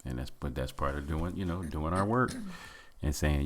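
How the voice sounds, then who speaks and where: A man with an extremely deep, low-pitched voice, chatting on a casual podcast. He talks reflectively about personal struggles and readily affirms his co-host. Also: normal speed.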